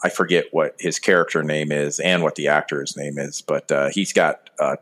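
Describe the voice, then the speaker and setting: A man co-hosting a podcast in casual chat, telling stories in an animated way and laughing through them. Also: very deep voice, moderate pace. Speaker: podcast co-host. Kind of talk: casual chat about movies.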